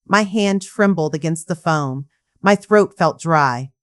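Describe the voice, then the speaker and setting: Brief: woman storyteller, emotional scripted narration, lowish pitch. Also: expressive, unhurried. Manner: emotional, dramatic reading.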